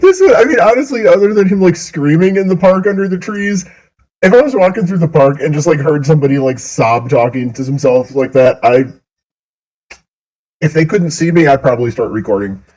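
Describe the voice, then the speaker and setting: Mocking husky-voiced male commentator. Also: a little high, lively intonation, brisk, a little mellow, low-quality recording. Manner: mocking, profane, laughs a lot. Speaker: commentary host. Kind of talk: casual reaction commentary. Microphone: desk mic.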